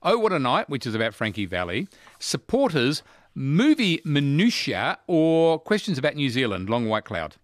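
A man's voice: medium pitch, sing-song, normal speed, dry recording. A man hosting a casual quiz chat, playful and teasing as he reads out questions and options. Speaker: quiz host.

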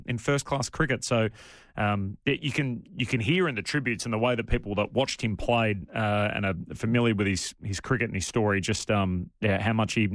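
An Australian man co-hosting a podcast in a relaxed, chatty, self-deprecating way. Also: mid-range voice, dry recording. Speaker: podcast co-host. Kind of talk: casual chat.

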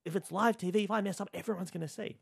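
A man, a comedian telling stories as an interview guest in an animated, self-deprecating way. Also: high voice, very fast, gravelly, husky, dry recording, studio quality. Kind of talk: storytelling interview chat.

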